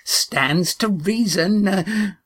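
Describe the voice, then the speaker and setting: A man's voice: high-pitched, very slow, fairly bright tone, husky, voice pushed up, full character voice. A man voicing a suspicious old village grandmother who talks shrilly and accuses everyone. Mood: shrill, accusing. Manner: scolding, accusing.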